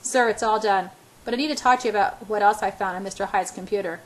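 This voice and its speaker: A woman's voice: mid-range voice, fast, lightly acted. A polite young IT worker speaking on a phone line to his employer, voiced by a woman reader. He is deferential and businesslike, keeping every word respectful.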